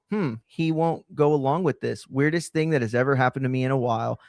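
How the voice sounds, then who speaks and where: A man's voice: medium pitch, moderate pace, vocal fry, pauses often, no room sound, clean studio sound. Sarcastic, profane male host. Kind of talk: reaction commentary.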